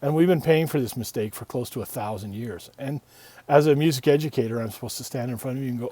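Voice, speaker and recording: A man's voice: medium pitch, fast talker, warm tone, no echo. Chatty man teaching, dry close sound. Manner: chatty, digressive, asks himself rhetorical questions. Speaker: music teacher. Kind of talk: casual video lesson.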